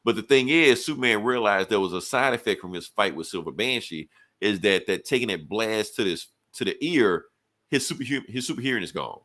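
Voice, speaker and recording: A man's voice: fairly low pitch, lively intonation, fairly quick, a bit bright. A man on a podcast giving a loose, slangy recap of a comic book, full of fillers and swearing, quoting the characters along the way. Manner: retells scenes by briefly quoting the characters. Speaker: podcast co-host reviewing comics.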